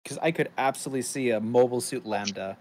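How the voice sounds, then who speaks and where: A man's voice: mid-range voice, quick pace, background noise. Married guy in a laid-back chat, jokey and self-deprecating, average voice. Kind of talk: casual chat.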